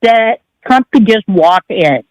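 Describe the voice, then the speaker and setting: Female radio caller, chatty, animated pitch, dry sound. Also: slow pace, dry recording. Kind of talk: call-in commentary.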